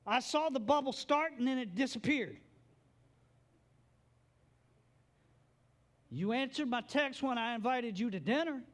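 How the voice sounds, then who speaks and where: A man's voice: very high-pitched, fairly bright tone, voice pushed up. A man voicing a hurt, indignant grieving woman who fires off one accusing complaint after another. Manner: exasperated, accusing rapid complaints.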